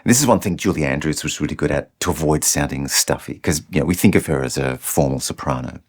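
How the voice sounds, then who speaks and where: A man teaching singing technique in an instructional video, explaining each idea clearly. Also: rumbling low, quick pace. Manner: explains clearly, breaks off to sing short demonstrations.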